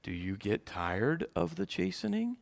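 A middle-aged male pastor preaching a sermon, swinging from loud preaching to quiet storytelling. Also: on the high side, wildly swooping pitch, a little slow, vocal fry.

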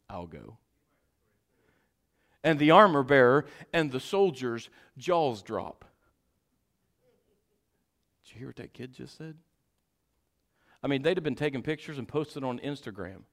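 A man preaching a sermon, swinging from shouted exhortation to quiet, folksy storytelling as he acts out Bible figures. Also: medium pitch. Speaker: pastor.

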